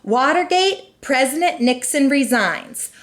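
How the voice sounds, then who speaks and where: A young mother leads a children's lesson in a high, bright voice, half talking and half singing each line. Her pace is slow and deliberate. The sound bounces around an echoey room. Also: animated. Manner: sing-song, encouraging, speaks then sings the lines. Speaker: homeschool teacher and mother. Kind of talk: children's lesson with sung memory work.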